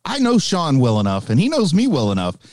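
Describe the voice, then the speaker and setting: A man's voice: fairly high pitch, huge pitch swings, fairly quick, darkish tone, dry recording. A man from the American South with an Appalachian accent, co-hosting a podcast with dry, wry joking. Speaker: podcast co-host. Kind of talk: casual chat.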